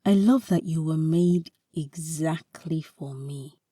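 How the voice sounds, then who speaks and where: A devoted young husband murmurs earnestly, half-whispering, as a woman reads him. His voice sits low and slow. The recording is dry, and the mic is a little far off. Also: warm tone, breathy edge, no echo, heavily acted. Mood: adoring. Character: devoted loving young husband, soft-spoken.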